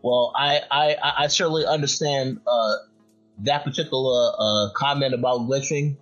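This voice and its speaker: A man's voice: mid-range voice, moderate pace, fairly bright tone, highs cut off, soft background music. A man hosting a casual podcast chat, stammering on repeated words and hedging as he talks. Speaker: podcast host.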